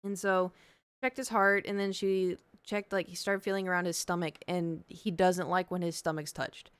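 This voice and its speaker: A woman's voice: on the low side, flat delivery, moderate pace, smooth, no echo. A woman streamer telling a story in casual chat, rambling with lots of fillers.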